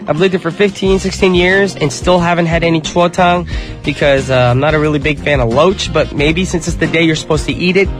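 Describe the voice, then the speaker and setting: Man, radio DJ, casual and chatty, nasal from a cold, slightly high voice. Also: brisk, music in the background. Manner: upbeat, chatty, addresses listeners as you guys. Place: radio studio.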